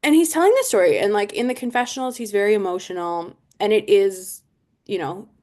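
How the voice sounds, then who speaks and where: Woman co-host recapping an episode, relaxed storyteller who acts out quotes. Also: medium pitch, fairly quick. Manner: storytelling, quoting others with emphasis. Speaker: podcast co-host. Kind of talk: casual recap chat.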